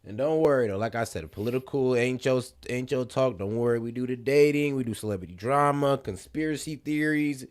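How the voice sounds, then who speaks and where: A man's voice: medium pitch, fairly quick, hardly any pauses, smooth. Laid-back Ohio man joking on stream. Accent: Ohio, part Northern, part Southern. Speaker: livestream co-host. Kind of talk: casual livestream chat.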